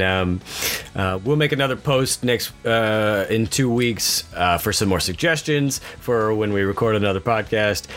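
Halting male comedy podcast host. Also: lowish voice, a bit bright. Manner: halting, filler-heavy. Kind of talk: improv comedy podcast chat.

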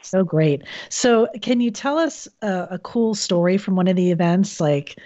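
A woman's voice: on the low side, unhurried, mellow, highs cut off. A woman hosting an interview, chatty and hedging her questions with lots of fillers. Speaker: interview host. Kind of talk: casual interview.

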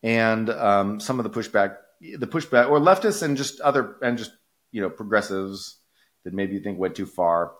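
Low-voiced man arguing animatedly. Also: moderate pace. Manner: animated, rhetorical, keeps asking "right?". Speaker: podcast co-host. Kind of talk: casual podcast discussion.

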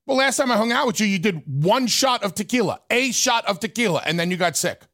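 A man's voice: high-pitched, lively intonation, fast talker, a bit bright, no echo, clean studio sound. A male radio co-host in bantering talk, earnestly and playfully defending his fandom.

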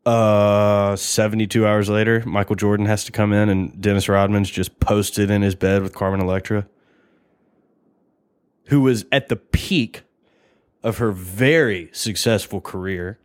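A man's voice: lowish voice, steady tone, measured pace, smooth, dry recording. A young man hosting a podcast, rambling and joking in a casual, profane monologue. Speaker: podcast host.

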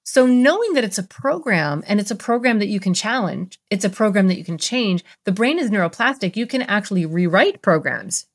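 A woman's voice: medium pitch, fairly quick, hardly any pauses. A middle-aged woman, a therapist, explaining ideas in a podcast interview and acting out little voices in her examples. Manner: animated, acts out voices in examples.

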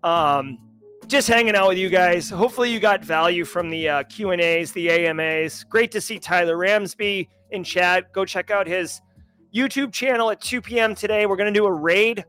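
A man's voice: sits high, moderate pace, a bit bright, clear, resonant tone, soft background music. A middle-aged man with a mild Massachusetts accent, hosting a cybersecurity livestream and chatting loosely and jokily with viewers. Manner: jokey and loose, lots of "like" and restarts. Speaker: host of a daily cybersecurity news livestream. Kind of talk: casual livestream chat with viewers.

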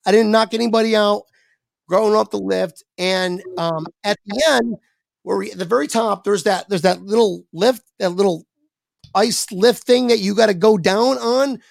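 Casual storyteller, young man, raspy edge, swears a lot, mid pitch, dead-dry sound. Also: moderate pace, no room sound. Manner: rambling, animated, swears freely, voices his younger self. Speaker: podcast guest.

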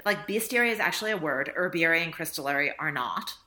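A woman's voice: deep voice, expressive, fast talker, bright, forceful tone. A woman author talking reflectively in a casual interview, laughing often and acting out little dialogues. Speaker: author guest.

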